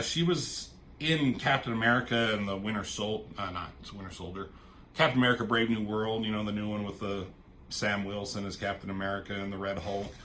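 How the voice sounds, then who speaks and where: Man, comic reviewer, rambling casual recap, bright forward tone, faint hiss behind. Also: lowish voice. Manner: rambling, loosely quoting characters in offhand voices.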